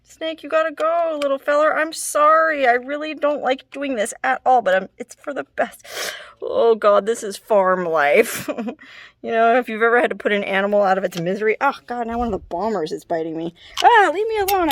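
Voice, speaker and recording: A woman's voice: a little high, brisk, dry recording. A young adult woman vlogging casually, distressed and apologetic, with nervous laughs. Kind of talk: casual vlog talk to camera. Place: hot house and shaded yard.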